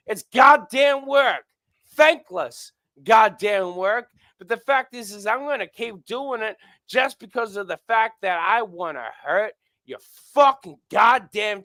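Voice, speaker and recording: A man's voice: high voice, pushed and bright, no echo. A man ranting in combative, heavily profane casual talk. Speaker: show co-host.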